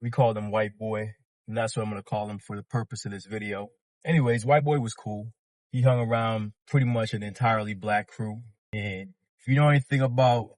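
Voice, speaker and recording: A man's voice: lowish voice, darkish tone, no echo. Laid-back slangy man telling a story. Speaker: vlogger. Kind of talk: casual storytelling monologue.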